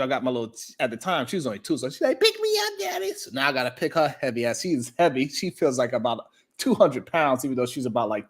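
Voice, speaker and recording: A man hosting a morning talk show, telling a story in a casual, animated way and swearing freely. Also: mid-range voice, husky.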